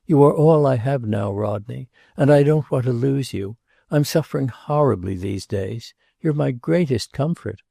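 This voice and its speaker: Give me a theatrical, wistful society wife, as a male narrator puts her on, soft and dry. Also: mid-range voice, moderate pace, creaky, breathy edge, no echo, pitched above the performer's own voice.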